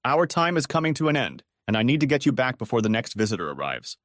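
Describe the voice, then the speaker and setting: A man doing a calm, firm spirit guide. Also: medium pitch, quick pace, no echo, studio quality. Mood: earnest.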